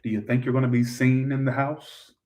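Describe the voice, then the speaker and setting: A man doing a live tarot reading, blunt and profane, breaking into loud outbursts now and then. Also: medium pitch, level tone, a little fast, far from the mic. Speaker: tarot reader.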